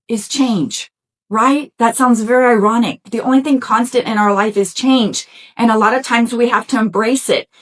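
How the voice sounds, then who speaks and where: A middle-aged woman hosting a motivational self-help talk, speaking to listeners in an encouraging, conversational way with a folksy "y'all" and "right?". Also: on the high side. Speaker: podcast host.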